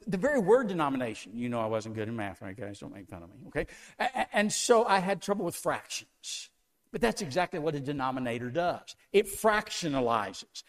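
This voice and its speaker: Man, preacher, sermon, high voice, very animated pitch, rhetorical questions. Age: older. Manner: asks the congregation many questions, lively emphatic delivery.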